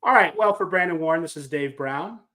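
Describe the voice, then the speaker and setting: A man's voice: on the high side, expressive, a little fast, bright, forceful tone. A man hosting a casual sports talk podcast, talking in a wry, rambling, self-deprecating way. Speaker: podcast host.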